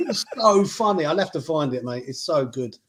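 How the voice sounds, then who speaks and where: A man's voice: a little high, animated, moderate pace, fairly bright tone, slight background noise. A man co-hosting a casual football chat, chatty and teasing his co-host. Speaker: podcast co-host.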